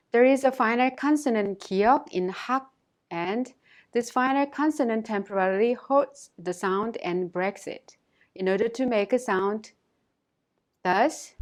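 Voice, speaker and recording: Woman, language teacher, scripted lesson, slightly high voice, clear careful delivery. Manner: clear, careful delivery, saying words twice for learners to repeat.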